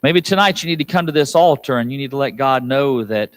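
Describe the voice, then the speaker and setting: A man's voice: mid-range voice, lively intonation, fast, no echo, poor audio. A man preaching a sermon as pastor, pleading with the congregation and rising to urgent appeals. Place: church sanctuary.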